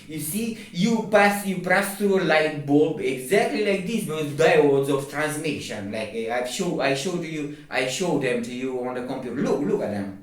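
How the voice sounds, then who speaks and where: Man, romanian native speaker, halting and rambling, slightly high voice, echoey room, off-mic. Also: expressive, recorded from a distance. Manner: halting, many restarts, non-native phrasing. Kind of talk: rambling spoken explanation.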